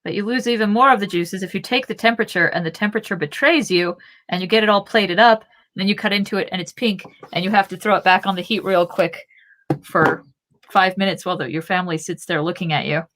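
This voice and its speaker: A woman's voice: medium pitch, fast talker, a bit bright, a little hiss or hum. A woman co-hosting a podcast in casual chat, wry and chatty. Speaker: podcast co-host.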